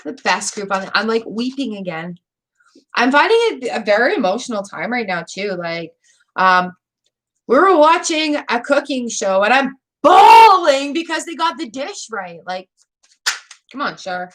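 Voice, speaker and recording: Chatty high-voiced woman reading tarot. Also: very animated, normal speed. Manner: warm, chatty, emotional, rambling with fillers. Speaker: tarot reader. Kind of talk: live-stream tarot reading.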